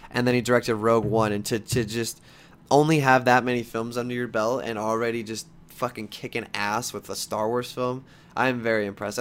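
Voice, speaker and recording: A young man giving a casual, animated movie review, swearing often and breaking into frustrated outbursts. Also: lowish voice. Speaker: vlogger.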